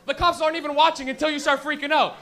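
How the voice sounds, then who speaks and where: A man's voice: extremely high pitch, flat delivery, racing, pushed and bright. A young man from Canada doing a profane stand-up comedy set at a club, acting out friends and cops in voices.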